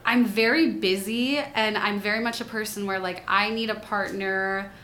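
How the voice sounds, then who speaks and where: A woman's voice: mid-range voice, steady tone, normal speed, bright, forceful tone. A woman drag performer chatting casually as a guest, with lots of fillers. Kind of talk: casual conversation. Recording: echoey room with faint noise.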